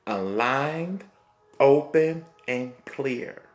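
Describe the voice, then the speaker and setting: A man giving a spiritual tarot reading, speaking slowly and repeating himself, often checking in with "okay?". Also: medium pitch, animated. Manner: slow, repetitive, reassuring, punctuated by "okay?". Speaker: tarot reader.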